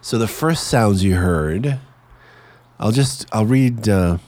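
Chatty Canadian man hosting a podcast, low voice. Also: lively intonation, takes it slowly, darkish tone. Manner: chatty, laughing easily, enthusiastic. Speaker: podcast host. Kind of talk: casual podcast chat.

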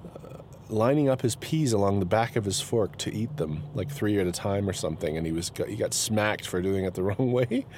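A man's voice: on the low side, a little fast. A man chatting casually in a rambling vlog, often breaking off mid-thought and starting over. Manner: chatty, rambling, self-interrupting. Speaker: blogger. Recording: loud road noise.

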